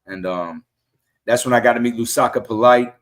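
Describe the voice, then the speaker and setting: A middle-aged man on a casual podcast, telling fan stories and acting out quotes in an animated way. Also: medium pitch, normal speed. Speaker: guest fan.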